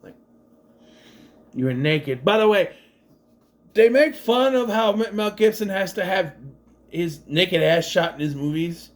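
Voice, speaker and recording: A man's voice: sits high, animated, measured pace, pauses often. Guy recapping a movie casually, rambly, keeps chuckling at the jokes, voice goes up and down a lot. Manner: rambling, laughs at the gags, acts out quoted lines. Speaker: movie reviewer.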